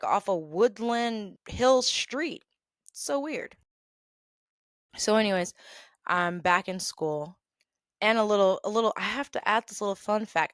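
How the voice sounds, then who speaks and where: Woman, podcast host, casual storytelling, animated and chatty, mid pitch, dry close sound. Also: no echo. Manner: chatty and animated, acting out dialogue with quick asides. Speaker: podcast host telling work stories.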